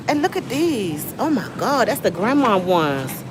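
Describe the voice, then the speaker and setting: A Southern US woman hosts a casual livestream from a grocery store, holding her phone and talking directly to viewers while she shops. She's chatty and very animated, with a medium-pitched voice, a measured pace, and sudden exclamations. Store noise and ambience are clearly audible beneath her.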